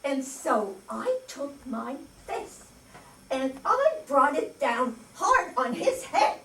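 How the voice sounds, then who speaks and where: A woman's voice: high voice, sing-song, takes it slowly, sharp tone, full character voice. An older woman performing a comic stage monologue as a cranky, easily enraged bag lady who rambles indignantly with sudden outbursts. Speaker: amateur stage actor. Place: community stage before an audience. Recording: distant stage recording.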